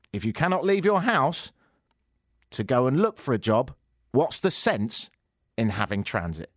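A British man putting on a low, rushed voice to mock a blustering male city politician on the radio. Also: dry recording, clean studio sound.

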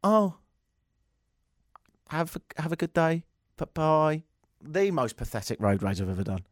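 A man's voice: on the high side, very animated, measured pace, dry recording, clean studio sound. A man hosting a radio talk show, telling jokey stories and acting out the other people in them with a raised voice. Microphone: studio microphone.

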